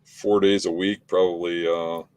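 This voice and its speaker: A middle-aged man with a low, deep voice talks through his habits in an unhurried, matter-of-fact way. His delivery is plain and conversational. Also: level tone, a little mellow, clear, resonant tone. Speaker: podcast co-host, hunting guest. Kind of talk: casual conversation.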